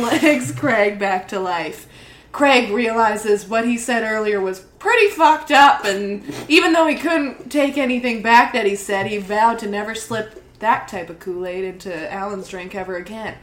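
A woman narrating an improvised comedy scene in a brisk, deadpan storytelling manner. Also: mid-range voice, reverberant.

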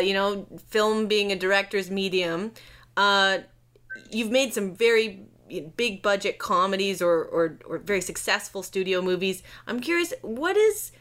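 A woman's voice: mid-range voice, fairly bright tone. A woman podcast host asking long, curious questions in a casual interview. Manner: curious, rambling questions with fillers.

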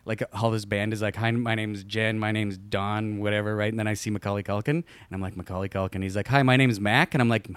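Man, young adult, rambling storyteller, quick laugh, mid-pitched, dry close sound. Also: fairly even intonation, smooth, no room sound. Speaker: guest storyteller. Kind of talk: casual chat.

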